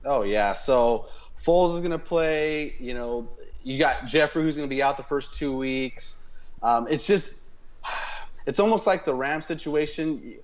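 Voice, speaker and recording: A man's voice: medium pitch, a little slow. Casual man on dull lo-fi audio. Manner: casual, thinks aloud with fillers. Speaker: podcast co-host. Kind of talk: casual podcast chat.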